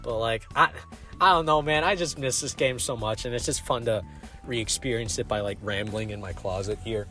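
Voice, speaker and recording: A man's voice: mid-range voice, normal speed, bright, forceful tone, faint music behind. A young man rambling about a video game from a small closet, chuckling and cutting himself off. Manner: rambling, chuckling, self-interrupting. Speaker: video host. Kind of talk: casual rambling game recap.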